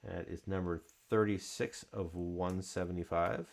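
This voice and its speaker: A man's voice: deep voice, fairly even intonation, measured pace, vocal fry. A man hosting a card break, chatting casually and calling out card names as he opens packs.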